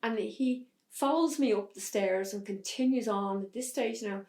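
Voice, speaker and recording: A woman telling a hard personal story as an interview guest, in a halting way with restarts. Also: mid-range voice, a little mellow, roomy sound. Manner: halting, restarts under strain. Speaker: podcast guest.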